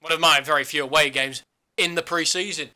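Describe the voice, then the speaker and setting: A man's voice: fairly high pitch, steady tone, fairly quick, bright, forceful tone. A man co-hosting a casual sports podcast, teasing his partner in jokey banter. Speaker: podcast co-host.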